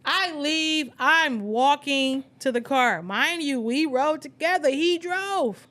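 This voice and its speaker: High-voiced woman telling a dramatic story. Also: takes it slowly. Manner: animated storyteller acting out quotes. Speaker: podcast co-host. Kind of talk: casual storytelling chat.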